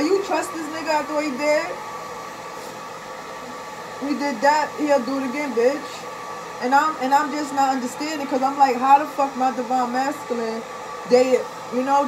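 A woman venting bluntly and profanely to her viewers in casual talk, swinging between muttering and loud outbursts. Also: sits high, background noise. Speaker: vlogger.

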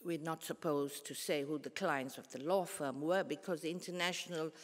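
A woman, giving a formal public lecture in a measured, earnest way with pauses and restarts. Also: low voice, fairly even intonation. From South Africa. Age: 70s. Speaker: guest lecturer. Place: large concert hall. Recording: long hall reverb.

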